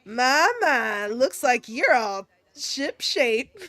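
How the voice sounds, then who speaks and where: A woman voicing a teasing, folksy older woman who works on a military base, speaking in a slow homey drawl. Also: fairly high pitch, animated, fairly bright tone, exaggerated voice.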